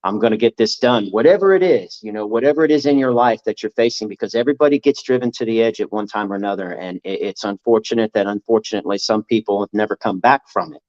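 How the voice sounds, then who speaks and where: Low-voiced man, earnest pep talk, lo-fi. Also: fast talker, few pauses, a little mellow. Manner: earnest, motivational, repeats himself. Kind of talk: casual chat. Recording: dull lo-fi audio.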